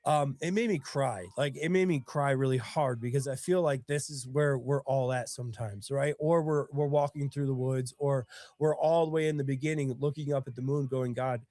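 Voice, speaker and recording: A man's voice: medium pitch, steady tone, normal speed, darkish tone, no echo. Man, sniffly with bronchitis, casual live-stream host, earnest rambling talk, dry close sound. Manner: earnest, rambling, emotional storytelling. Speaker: singer-songwriter hosting his own live stream.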